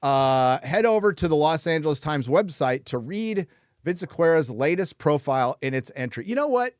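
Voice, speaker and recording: A man's voice: a little high, expressive, moderate pace, smooth, dry recording, clean studio sound. A man hosting a casual chat show, blunt and frequently swearing, laughing between remarks. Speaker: host.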